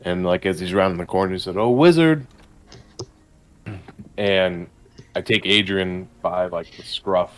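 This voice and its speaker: A man's voice: deep voice, flat delivery, normal speed, fairly bright tone. A man playing a tabletop game, casual and blunt as he describes what his character does. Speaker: player.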